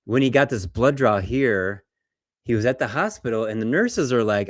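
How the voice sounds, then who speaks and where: A man, a doctor, presenting lab results in a lecture, telling patient stories in a conversational, animated way and acting out what patients said. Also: mid-range voice, moderate pace, dry recording, clean studio sound. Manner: conversational, animated storytelling, acts out patients' words.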